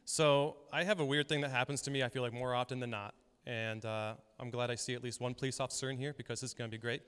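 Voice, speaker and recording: A man's voice: medium pitch, steady tone, fast talker, fairly bright tone, clear, resonant tone, in a large hall. A young adult man preaching a sermon as pastor, telling a story in a conversational way and laughing often. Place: church hall.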